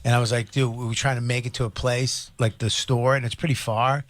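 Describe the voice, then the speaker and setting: A man's voice: mid-range voice, little pitch movement, fairly quick, no echo. A man co-hosting a casual comedy talk show, bluntly telling stories about his son and swearing freely. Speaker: co-host.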